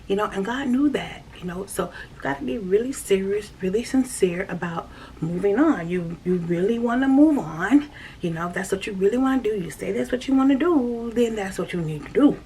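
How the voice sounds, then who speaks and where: A woman talks about her faith in a casual vlog, earnest and repetitive, and sometimes sinks into a soft, breathy near-whisper. She sits some way from the mic, so her voice sounds distant. Faint noise runs underneath. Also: mid-range voice, animated, a little fast. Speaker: faith vlogger. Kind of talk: casual spiritual talk.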